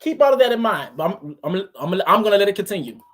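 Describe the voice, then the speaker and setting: A woman's voice: medium pitch, lively intonation, fast. Woman reaction host, analytical, mid-range voice, calls out wording point by point. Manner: analytical, picks apart tone and wording. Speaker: reaction commentator. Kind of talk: reaction commentary.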